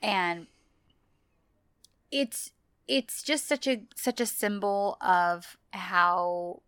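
A chatty woman co-hosting a podcast, thinking aloud about a show's characters. Her voice is mid-pitched and sounds close and dry, with no room around it. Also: extremely slow, fairly bright tone, clear, resonant tone, no room sound. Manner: chatty, reflective, laughs along. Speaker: podcast co-host. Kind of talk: casual recap chat.

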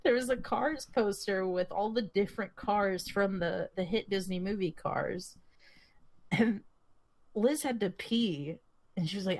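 A woman's voice: mid-range voice, measured pace, a little mellow. A young woman co-hosting a podcast, telling stories in a rambling way, swearing freely and laughing often. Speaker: podcast co-host. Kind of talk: casual chat.

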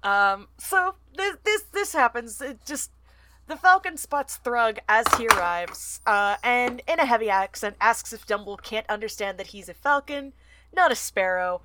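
A woman's voice: a little high, animated, measured pace, pushed and bright, a little hiss or hum. A young American woman co-hosting a podcast, chatting enthusiastically about a book and reading passages aloud with frequent giggles. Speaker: podcast co-host. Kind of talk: casual book-club chat and reading aloud.

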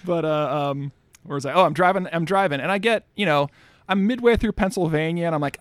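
A man on a podcast telling a rambling, absurd story in a casual, deadpan way. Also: fairly high pitch, fairly quick, no echo. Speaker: podcast co-host.

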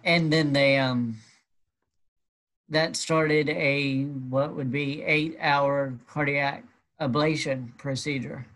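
Slow, wry storyteller. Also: medium pitch, fairly bright tone. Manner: unhurried, wry, matter-of-fact. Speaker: guest telling a personal story. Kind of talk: casual storytelling.

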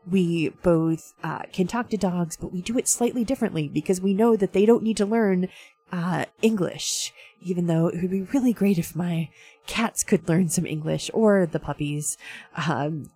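A woman with a low, gravelly voice and a husky edge talks through a science story in a casual, chatty way. She fills her sentences with ums and asides like an enthusiastic science fan. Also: darkish tone. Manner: chatty, many fillers, self-described science dork. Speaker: host. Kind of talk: casual science news talk.

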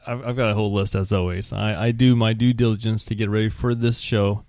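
A man's voice: on the low side, fairly even intonation, a little fast, a little mellow, no echo, studio quality. A man co-hosting a podcast, easygoing and self-mocking as he runs through his picks. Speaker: podcast co-host. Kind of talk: casual chat.

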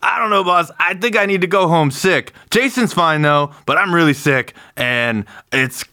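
A man voicing a gravelly henchman who claims to have a cold, in a tabletop game. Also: a little high, normal speed, bright, forceful tone, voice pushed up. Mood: fake-sick.

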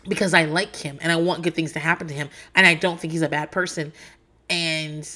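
A woman's voice: fairly low pitch, a bit bright. A young woman telling candid, profane stories in casual chat. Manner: candid and profane, storytelling with laughs.

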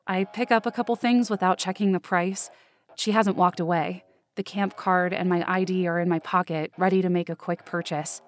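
A woman's voice: lowish voice, fairly even intonation, moderate pace. Woman narrating an anxious first-person story. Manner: close, anxious inner monologue. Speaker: writer and narrator of a fiction podcast.

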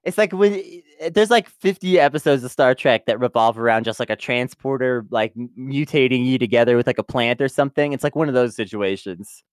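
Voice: mid-range voice, a little fast, hardly any pauses, clean tone, no room sound, studio quality. A podcast co-host in casual review chat, talking loosely with lots of filler words and easy laughter. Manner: chatty, many "like" fillers, laughs easily.

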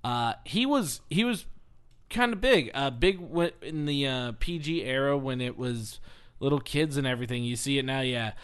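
Male co-host, mid-pitched, casual chat, animated storyteller who laughs a lot. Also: normal speed, clear, resonant tone. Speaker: podcast co-host.

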